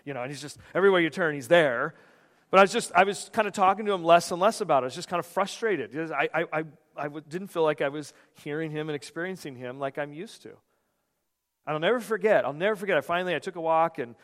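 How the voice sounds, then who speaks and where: A man's voice: fairly high pitch, fast. A male pastor preaching a sermon, telling stories animatedly and often restarting his sentences. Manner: animated storytelling with frequent restarts. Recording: long reverb of a large hall.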